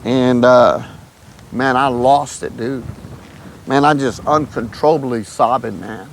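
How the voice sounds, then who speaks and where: A man's voice: mid-range voice, takes it slowly, vocal fry, slight background noise. A man, telling his testimony in a casual, emotional way and often calling the listener "man". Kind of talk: casual storytelling.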